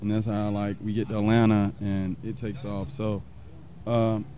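Man from South Carolina, a pitmaster in a relaxed interview, warm dark tone and a low voice, rambling a bit. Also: moderate pace, a little hiss or hum. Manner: rambling, many fillers, acts out quoted people. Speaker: pitmaster and restaurant owner. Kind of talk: casual interview storytelling.

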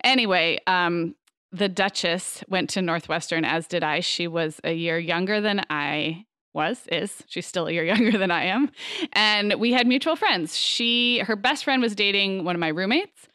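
Chatty woman with a smooth voice. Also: lowish voice, pushed and bright, dry recording, studio quality. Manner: chatty, laughs often, quick asides. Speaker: podcast co-host. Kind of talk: casual chat.

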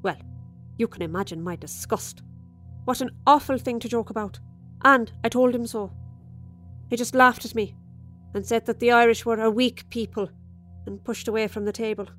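A resentful Irish widow, a little tipsy, chats over a dinner table in a confiding, gossipy way, voiced by a woman reading the monologue. Her fairly high voice turns sharp whenever old grudges come up. Faint music plays softly under the storytelling. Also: normal speed, pauses often, lightly acted. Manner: chatty, confiding, with sudden flashes of resentment.

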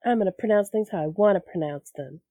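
A woman's voice: medium pitch, quick pace, warm tone, dry recording. Dry-sounding woman podcast guest. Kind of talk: casual chat.

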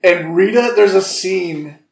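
A man co-hosts a podcast and pokes fun at a film's logic in dry, wry asides. His voice sits a bit high for a man. The room around him is echoey. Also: slow, gravelly, a little mellow. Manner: wry, nitpicking commentary. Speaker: podcast co-host. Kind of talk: casual movie recap chat.

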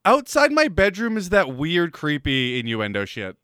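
A man co-hosting a podcast, joking crudely and laughing loudly, mocking his friends. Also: fairly high pitch, wildly swooping pitch, normal speed, clear, resonant tone, no room sound, studio quality. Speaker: podcast co-host. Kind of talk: crude casual banter.

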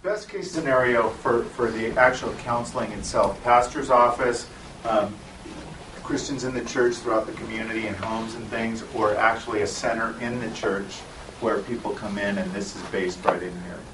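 A man in the audience asking a halting question. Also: lowish voice, steady tone, fairly bright tone, slight background noise. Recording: distant, echoey room.

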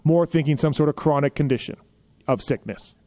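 A man hosting a podcast, telling stories in a casual, animated way with lots of filler phrases. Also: on the high side, a little fast. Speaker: podcast host.

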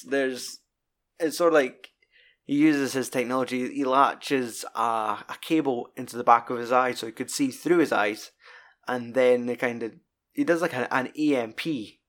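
Scottish man, podcast co-host, loose sweary film talk. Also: mid-range voice. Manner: sweary, rambling and animated retelling. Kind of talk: casual film chat.

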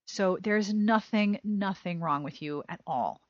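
Woman podcast host, mid-pitched, expressive, reading listener letters in a casual chat style; dry, slightly dull recording. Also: measured pace, dry recording.

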